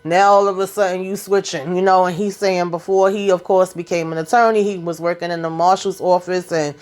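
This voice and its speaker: A woman's voice: lowish voice, steady tone, brisk, darkish tone. A woman hosting a casual TV episode recap, telling it in a chatty, slangy way and acting out what the characters say. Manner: chatty, slangy storytelling that acts out the characters' lines. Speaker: TV recap channel host.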